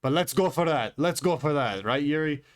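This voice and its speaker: A young man talks through a card of fights in a loose, unscripted way. He is blunt and swears freely, jumping between excitement and jabs, and his voice comes across smooth and clear. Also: fairly high pitch, normal speed. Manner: blunt and profane, animated rambling. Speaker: fight recap host. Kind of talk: casual fight recap commentary.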